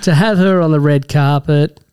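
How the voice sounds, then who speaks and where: Aussie guy, dry mock-serious jokes, mellow tone, dead dry recording. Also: a little high, normal speed, clear, resonant tone, dry recording. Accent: Australian. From Australia. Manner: dry, mock-serious, colourful turns of phrase. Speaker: podcast co-host. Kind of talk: casual banter.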